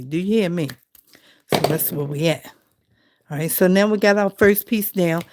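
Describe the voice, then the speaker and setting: A woman's voice: lowish voice, moderate pace, darkish tone. A middle-aged woman chatting casually and rambling to her viewers while she crafts. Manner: chatty, rambling, talks to viewers as girl and y'all. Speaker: crafting vlogger.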